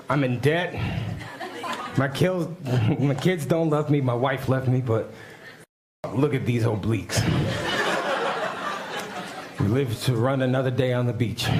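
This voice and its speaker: A man doing a stand-up comedy set with a rambling, dry delivery and quick asides. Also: mid-range voice. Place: comedy stage. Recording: heavy background noise.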